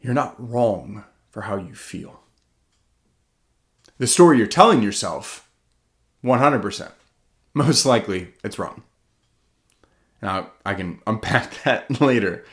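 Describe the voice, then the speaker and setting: A man giving a heartfelt motivational talk as an author, earnest and self-questioning, his voice swinging from loud and pressing to hushed and slow. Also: lowish voice, expressive.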